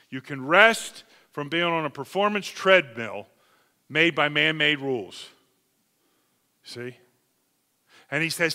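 High, bright-voiced preacher in a reverberant hall. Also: male voice. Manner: emphatic, swings from loud calls to hushed asides. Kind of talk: sermon.

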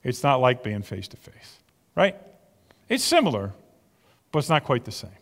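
A man's voice: mid-range voice, a bit bright. A man preaching a sermon as pastor, earnest and conversational, often repeating words as he goes. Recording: long reverb of a large hall.

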